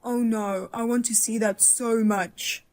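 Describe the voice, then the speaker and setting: A woman plays a blunt mother-in-law with a fairly high voice, sharp-tongued and quick to outrage. Her dark jokes come out in a cutting, vivid way in this dramatized story. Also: fairly even intonation, natural voice.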